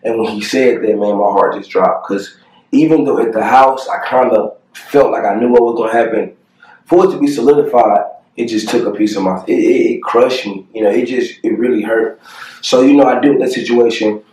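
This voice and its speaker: A young man telling a painful personal story to the camera, earnest and halting, with many fillers and pauses. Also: medium pitch, darkish tone, recorded from a distance. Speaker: family vlogger. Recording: echoey room, voice a bit off-mic.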